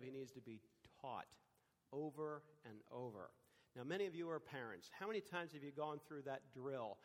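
Older man preaching in a reverberant hall. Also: a little high. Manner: storytelling, conversational preaching with quoted dialogue. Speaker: pastor. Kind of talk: sermon.

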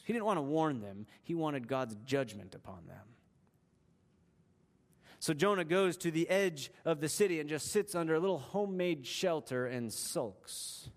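A man preaching a sermon, retelling a story with dramatic shifts in pace and emphasis. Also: fairly high pitch. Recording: long hall reverb.

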